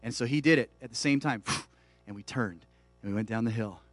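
A man's voice: medium pitch, fairly quick, no room sound, soft background music. A man in his forties preaching a sermon, telling a family story and acting out the dialogue with big swings in volume. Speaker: pastor.

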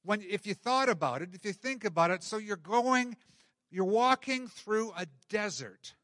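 A middle-aged male pastor preaching a sermon in an animated way, acting out scenes from scripture. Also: sits high, moderate pace, dry recording, studio quality.

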